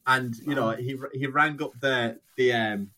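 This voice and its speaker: A man's voice: mid-range voice, fairly even intonation, measured pace, sharp tone. Rambling man telling stories. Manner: rambling storyteller, swears freely, acts out quotes. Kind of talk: casual chat.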